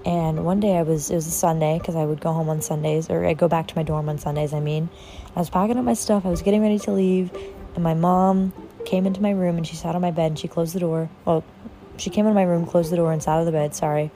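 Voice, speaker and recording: A woman's voice: fairly low pitch, steady tone, fast talker, warm tone. A young woman casually telling personal family stories, rambling with lots of fillers and casual swearing. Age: young adult. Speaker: podcast host.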